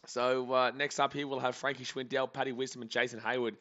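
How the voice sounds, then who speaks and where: A man rambles cheerfully through live baseball reactions, joking with his viewers. His voice is bright and forceful, at a middle pitch. The audio is slightly dull and lo-fi. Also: flat delivery, fairly quick, few pauses. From Australia. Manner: chatty, rambling, jokey. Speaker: sports streamer. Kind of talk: live game reaction commentary.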